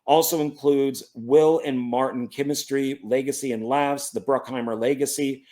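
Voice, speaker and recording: Rambling, easygoing man showing his collection. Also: mid-range voice. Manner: rambling, self-correcting, stumbles over names; relaxed, enthusiastic about films. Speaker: movie collector. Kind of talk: casual collection showcase.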